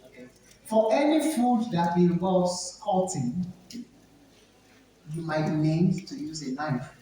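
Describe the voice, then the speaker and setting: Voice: medium pitch, animated, slow pace, mellow, slight background noise. A speaker with a Nigerian accent giving an emphatic, instructive seminar talk to students, repeating key points. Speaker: etiquette trainer. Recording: echoey hall, speaker far from mic.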